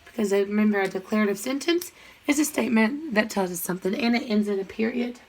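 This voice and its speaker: A woman teaching a grammar lesson, chanting sentence parts in quick questions and answers and speaking to students directly. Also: medium pitch, darkish tone, rough recording. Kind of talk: recorded classroom lesson.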